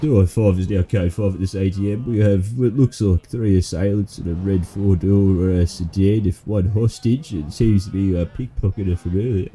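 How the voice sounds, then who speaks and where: A man's voice: sits low, steady tone, normal speed, few pauses, warm tone, slight background noise. A man, playing a police officer in a game roleplay, joking and swearing casually.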